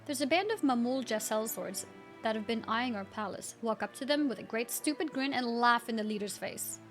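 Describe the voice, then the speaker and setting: Woman voicing a gruff, insulting male drill sergeant in a game, fairly high voice, faint music behind. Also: lively intonation, moderate pace, natural voice. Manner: barking, insulting orders.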